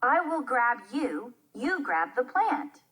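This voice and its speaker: A woman's voice: high-pitched, sing-song, slow, fairly bright tone, slightly rough, exaggerated voice. A woman reading the part of an eager young boy in a children's play.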